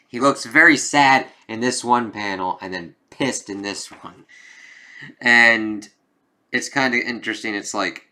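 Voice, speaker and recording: A man talks through a comic book review in a loose, casual way, reading out the characters' lines as he goes. His voice is bright and forceful, pitched a little low for a man, and he swears freely. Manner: reads comic dialogue aloud, casual and swearing.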